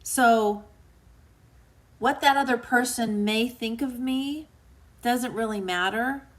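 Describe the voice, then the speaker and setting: A woman's voice: a little high, slow. A woman author hosting a book club livestream, giving a heartfelt motivational talk to live viewers in an emotional, earnest way and reading out their comments. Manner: emotional and earnest, dips quiet and soft; chatty, reads out viewer comments.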